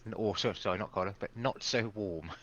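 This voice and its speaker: Ask your questions as a very low-voiced player, hesitant and stumbling over yourself. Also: male voice, fairly quick, fairly bright tone, lo-fi sound. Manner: hesitant, self-correcting questions. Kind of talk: casual tabletop play.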